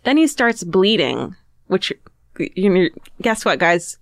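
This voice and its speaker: A woman co-host tells grim true stories in loose, casual podcast chat. She swears freely and acts out the people in her stories with a laugh. Her voice sits at a middle pitch and sounds close and dry on the mic. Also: big pitch swings, slow pace, no room sound. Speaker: podcast co-host telling the story.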